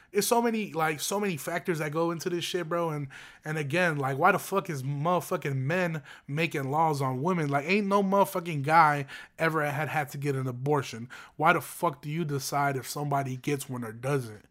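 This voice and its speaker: A man's voice: a little high, a bit bright. Profane, heated young man ranting. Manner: profane, slangy, heated and rambling with many fillers. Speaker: podcast host. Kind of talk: casual opinion rant.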